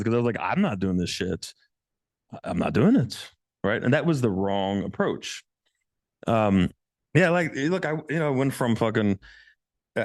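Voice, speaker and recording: A lower-voiced man with a lively, swinging delivery gives a dating-coach presentation. He talks bluntly and swears often. His sound is close and dry. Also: creaky, no echo. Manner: blunt and profane, with many restarts; animated, jumps into high voices for quotes. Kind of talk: seminar presentation.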